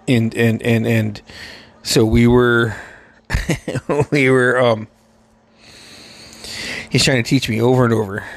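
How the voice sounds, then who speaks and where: A man's voice: mid-range voice, creaky. A man hosting a podcast, telling a rambling, profanity-laced childhood story with frequent laughs. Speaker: podcast host. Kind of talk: casual storytelling.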